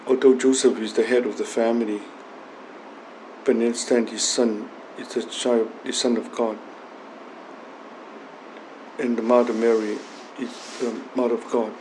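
Soft-spoken priest with a dark, flat voice. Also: male voice, medium pitch, slight background noise, low-quality recording. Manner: reads the gospel aloud, then preaches softly with pauses and restarts. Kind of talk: gospel reading and homily.

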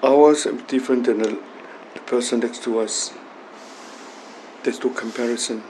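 Soft-spoken priest with a dark, flat voice. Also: male voice, mid-range voice, slight background noise, rough recording. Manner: reads the gospel aloud, then preaches softly with pauses and restarts. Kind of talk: gospel reading and homily.

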